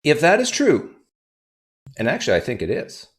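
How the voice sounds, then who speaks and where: A man's voice: on the high side, wildly swooping pitch, normal speed, husky. A man hosting a livestream, talking casually and reading donation messages aloud. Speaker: livestream host.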